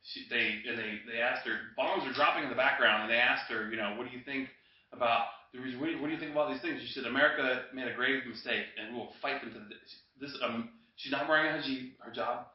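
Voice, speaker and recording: A man's voice: medium pitch, quick pace. Guy ranting and cussing on a home podcast, far from the mic, lots of room echo. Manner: profane, heated, jokey. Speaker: podcast co-host. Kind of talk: casual ranting chat over drinks. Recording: roomy, distant, dull lo-fi home recording.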